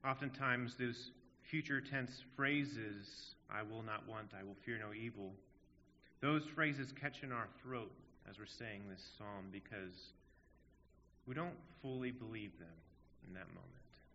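A man's voice: lowish voice, measured pace, bright, forceful tone, slight background noise. A man preaching a sermon in an earnest, emphatic way, asking rhetorical questions. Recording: dull audio in a long-reverb hall.

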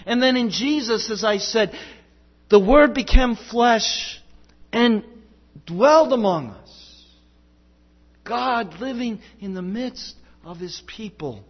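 A man preaching a sermon as pastor, emphatic and rhetorical, swinging between loud declarations and hushed passages. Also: high-pitched, slow, lo-fi sound.

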